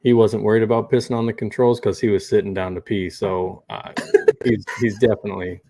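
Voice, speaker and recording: A man's voice: on the low side, steady tone, brisk, dark tone. A male podcast co-host who chimes in with dry, teasing remarks in casual chat.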